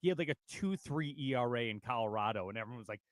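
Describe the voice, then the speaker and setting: A male radio co-host with a mid-pitched voice that rises and falls widely. He talks loosely, joking and laughing as he banters. His sound is dry and close to the mic. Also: animated, quick pace, no echo. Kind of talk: casual sports chat.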